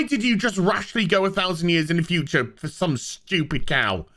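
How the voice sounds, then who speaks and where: Sarcastic reviewer, high and bright, exasperated profane rant. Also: male voice, sing-song, moderate pace, few pauses. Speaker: TV show reviewer. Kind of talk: comedic rant recap.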